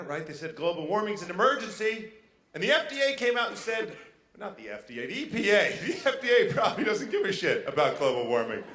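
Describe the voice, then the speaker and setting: A man doing a brash, animated stand-up comedy set on a casino stage, hopping into quick character voices. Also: high-pitched. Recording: echoey venue with faint ambience.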